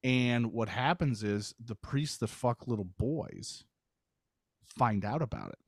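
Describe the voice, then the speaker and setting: A man co-hosting a casual podcast, telling stories with animated emphasis and free swearing. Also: mid-range voice, takes it slowly, vocal fry, no room sound, studio quality. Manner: animated storyteller, swears freely. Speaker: podcast co-host. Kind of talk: casual chat.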